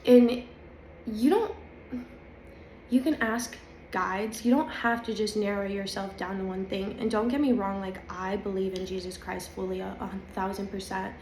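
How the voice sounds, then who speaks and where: A woman's voice: mid-range voice, steady tone, normal speed, a little mellow, a little hiss or hum. A woman talking casually and confidingly to her viewers about spiritual growth, with an emphatic, chatty manner. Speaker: spiritual vlogger. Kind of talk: casual spiritual talk to camera. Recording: echoey room with faint ambience.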